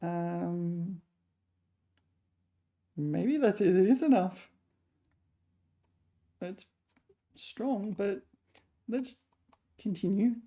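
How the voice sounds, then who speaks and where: A woman chess player thinking aloud while solving puzzles, muttering her move calculations in short fragments, a little hoarse. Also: mid-range voice, very slow, pauses often, mellow.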